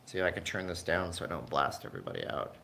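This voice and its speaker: A middle-aged man from Canada hosts a relaxed livestream, chatting with viewers in a rambling, joking manner. His voice sits low, with a faint hiss of background noise under it. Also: fast, vocal fry. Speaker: livestream host. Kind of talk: casual livestream chat, reading viewer comments.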